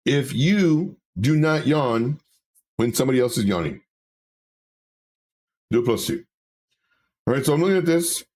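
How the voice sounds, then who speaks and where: Here a man with a medium-pitched, slightly mellow voice runs a casual livestream. He chats with his audience, reads what they type aloud, talks through charts, and repeats his words a lot.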